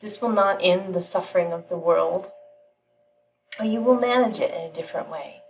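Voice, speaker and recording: A woman giving a channeled spiritual teaching, telling a parable in a calm, measured way with frequent pauses. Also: lowish voice, far from the mic, a little hiss or hum, poor audio.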